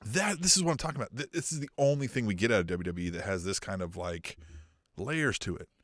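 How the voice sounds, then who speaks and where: A man's voice: lowish voice, fast talker, no echo, clean studio sound. A man co-hosting a casual wrestling talk podcast, swearing freely, laughing and acting out quoted lines. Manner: animated, swearing, laughs a lot, acts out quotes. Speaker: co-host.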